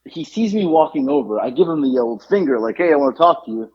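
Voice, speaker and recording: A man hosting a podcast, telling a story in an animated, exasperated way over dull lo-fi audio. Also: fairly high pitch, fast talker, husky. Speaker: podcast host. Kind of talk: casual chat, storytelling.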